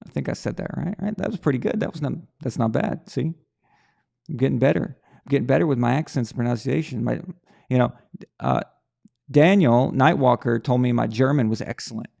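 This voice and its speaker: A man's voice: medium pitch, a little fast, gravelly, dark tone. A man hosting a live sports talk stream, thinking aloud in a rambling way with many restarts and repeated words. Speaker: live show host. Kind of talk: casual sports talk livestream.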